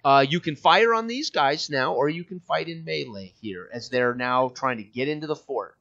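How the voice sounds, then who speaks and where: A man's voice: mid-range voice, expressive, gravelly, fairly bright tone. A man running a tabletop game as game master, talking casually with frequent fillers and restarts. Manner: chatty, halting with many fillers. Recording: dull lo-fi mic.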